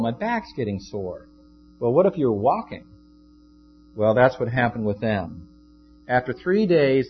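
A male pastor preaching in an easygoing, conversational storytelling manner, with a mid-range voice. The recording sounds dull and lo-fi, with faint guitar behind him. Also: mid-range voice. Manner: conversational, shifts into acted quotes. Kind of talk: sermon.

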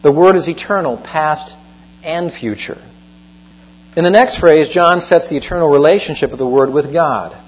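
A man preaching a sermon, teaching through a Bible passage in a measured way and stressing key phrases. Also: a little high. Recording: dull lo-fi with mains hum.

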